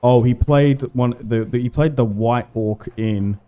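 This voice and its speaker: A man's voice: mid-range voice, measured pace, dark tone, soft background music. Laid-back Australian guy streaming. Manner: rambling, laid-back, slangy. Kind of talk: casual livestream chat over gameplay.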